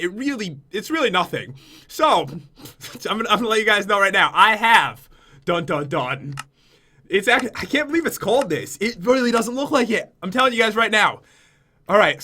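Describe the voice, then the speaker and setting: A man's voice: high voice, sharp tone. A young man from Connecticut chatting to his viewers in a self-mocking YouTube vlog. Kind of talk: casual vlog confession.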